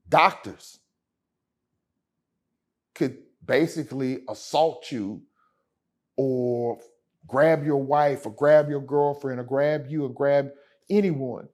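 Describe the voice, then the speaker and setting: A man with a mid-range, darkish voice, guesting as a lawyer in a laid-back interview. He tells stories with emphasis and plenty of slang, and calls the host "man" and "brother."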